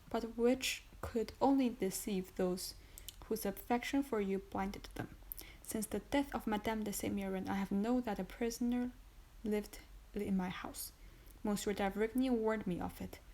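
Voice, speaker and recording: Casting: woman reading a stern, icy male magistrate, calm contempt, audiobook. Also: medium pitch, measured pace, close to an everyday voice, low-quality recording. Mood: cold. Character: cold, stern male magistrate accusing his wife.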